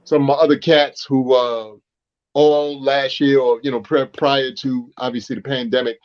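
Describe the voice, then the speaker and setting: A man co-hosting a casual radio talk show, animated and storytelling. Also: medium pitch, normal speed. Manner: animated, storytelling, quotes film lines loudly. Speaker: radio co-host. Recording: dull lo-fi radio audio.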